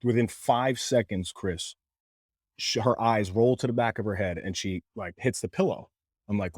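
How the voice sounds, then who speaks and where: Guy with a lowish voice telling a heavy story, earnest, lots of ums, dry close sound. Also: fairly even intonation, normal speed, darkish tone, no echo. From Canada. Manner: emotional, earnest, frequent fillers and restarts. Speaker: podcast guest. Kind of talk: candid storytelling.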